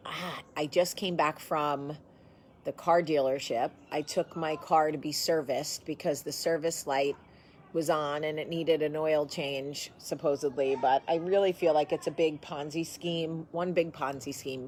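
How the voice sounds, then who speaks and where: A woman's voice: sits low, a little mellow, slight background noise. A woman hosting a casual chat to camera from her home, blunt and sassy in manner. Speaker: host.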